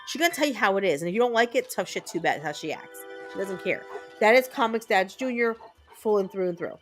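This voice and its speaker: A woman in her thirties talking casually to her stream chat while she plays a game. She tells stories bluntly and chattily, with plenty of fillers and the occasional curse. Her voice sits at an ordinary pitch for a woman, with soft game music playing faintly behind her. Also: animated, fast. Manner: blunt, chatty storytelling with frequent fillers and cursing.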